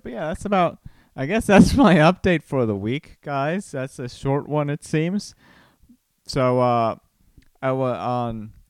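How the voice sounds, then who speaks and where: A man hosting a podcast from home, with a mid-range, smooth voice. He rambles casually, stops and restarts often, and chuckles along the way. The sound is close and dry. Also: mid-range voice, a little mellow, dry recording. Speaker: podcast host. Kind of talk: casual chat.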